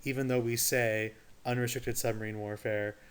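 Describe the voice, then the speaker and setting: A man teaches a history lesson in a relaxed, conversational voice. He keeps putting rhetorical questions to his students and drops casual asides as he explains. His voice sits at an ordinary middle pitch. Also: normal speed, smooth. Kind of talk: recorded history lecture.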